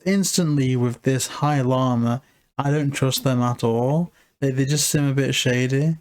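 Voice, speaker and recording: A man's voice: medium pitch, a little slow. Rambling man reviewing a cartoon film. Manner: rambling, heavy use of filler "like". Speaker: podcast co-host reviewing a film. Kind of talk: casual chat.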